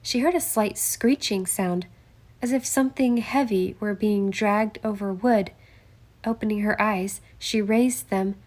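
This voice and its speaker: A woman reading a mystery audiobook aloud in steady, measured narration. Her voice sits at an ordinary middle pitch, and she tells the story evenly. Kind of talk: scripted narration.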